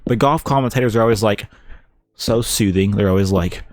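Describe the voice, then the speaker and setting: Low-voiced Kentucky man streaming. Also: normal speed, a little mellow, slight background noise. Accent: Southern US, Kentucky. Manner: rambling, laid-back, thinks aloud. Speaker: let's-play streamer. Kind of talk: casual gameplay commentary.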